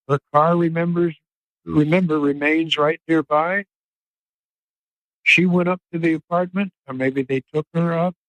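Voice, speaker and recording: Older male reporter, high-pitched, dramatic storyteller who acts out quotes, dry recording. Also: no room sound, rough recording. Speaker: investigative reporter, podcast guest. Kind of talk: speculative storytelling.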